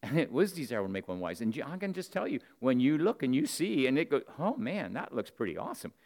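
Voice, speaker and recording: A man preaching a sermon to the men in his congregation, earnest and direct, swinging between loud emphatic bursts and low, close asides. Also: lively intonation, fast.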